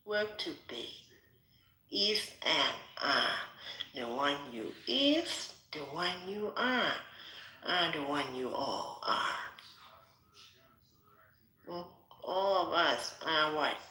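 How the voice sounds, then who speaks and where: Theatrical woman from Thailand, bright echoey voice. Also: sits low, very animated, takes it slowly, pauses often. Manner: theatrical, swings between whispers and shouting. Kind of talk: rambling livestream call. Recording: echoey room.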